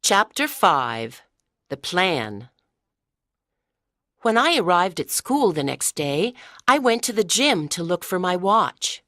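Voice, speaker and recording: A woman reading a story aloud slowly and clearly for English learners. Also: on the low side, very animated, fairly bright tone, no room sound, clean studio sound. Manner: clear, careful delivery. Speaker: story narrator.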